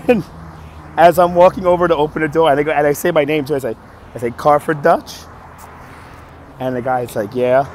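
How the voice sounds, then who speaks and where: A hoarse man who keeps coughing, telling a story on a live stream in an animated, exasperated way. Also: a little high, quick pace, a little hiss or hum. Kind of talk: casual storytelling to chat.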